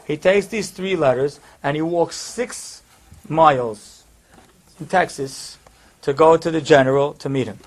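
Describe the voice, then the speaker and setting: A male preacher telling a story in a sermon, conversational, with fillers and asides. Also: a little high.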